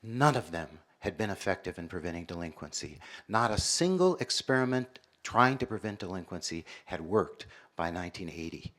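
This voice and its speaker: An American man in his sixties, a university professor giving a public lecture with measured storytelling. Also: medium pitch. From United States. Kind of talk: public lecture with personal stories.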